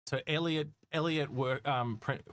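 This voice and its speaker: Rambling, halting co-host man. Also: a little high, fairly bright tone, no echo. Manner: halting, many restarts and fillers. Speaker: co-host reading chat questions. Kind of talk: casual podcast chat.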